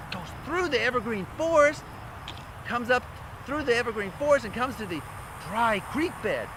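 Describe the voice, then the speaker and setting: A man with a very high, lively voice tells a children's story and talks straight to the listening kids. Steady traffic noise comes from outdoors behind him. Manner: animated, addresses kids directly.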